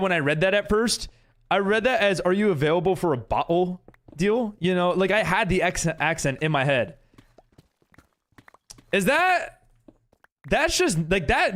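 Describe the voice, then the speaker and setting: This male streamer's voice sits high and has a fairly bright tone. Playing a game live, he rambles through casual conversation, giggling frequently as he reads out and responds to his chat.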